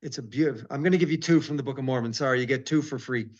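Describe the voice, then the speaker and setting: A man speaking as a rabbi in a devotional interview, reading verses in a slow, emphatic way and then breaking off with quick, earnest asides. His voice sits in an ordinary middle pitch. The audio is slightly muffled and dull. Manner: reads scripture slowly and emphatically, breaks off with asides.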